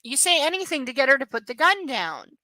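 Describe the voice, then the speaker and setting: Woman host of a live book reading, blunt and sarcastic, swears freely, bright voice pitched a little high, dry close sound. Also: very animated, brisk, no echo. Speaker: host reading a novel aloud. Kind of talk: live reading with casual commentary.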